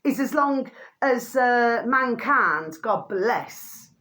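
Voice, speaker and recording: A woman's voice: fairly high pitch, expressive, extremely slow, fairly bright tone. A middle-aged woman from the UK ranting to camera as a vlogger, blunt and fiery, swearing freely and repeating the same pet phrase. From United Kingdom.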